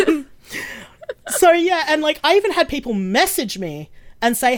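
A woman's voice: high voice, sing-song, measured pace. An Australian woman who produces and casts a show, chatting casually on a podcast, laughing often and swearing freely. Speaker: producer and casting director.

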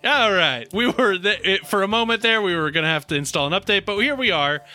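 A man's voice: sits high, lively intonation, fast talker, sharp tone, faint music behind. A man co-hosting a podcast in casual chat, playful and wordy with a mock-formal streak. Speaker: podcast co-host.

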